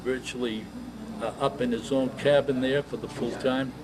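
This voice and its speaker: A man in his eighties, a veteran, telling his service story in an oral history interview, halting and reminiscing. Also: medium pitch, fairly even intonation, background noise. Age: 80s.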